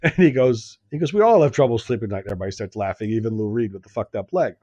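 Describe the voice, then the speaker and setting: A man's voice: on the low side, very fast, no echo, muffled recording. Podcast man, storyteller, acts out both sides of the talk, laughs a lot, dry close sound. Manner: animated anecdote-telling, acts out dialogue, laughs often. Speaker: podcast co-host telling a story. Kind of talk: casual chat, storytelling.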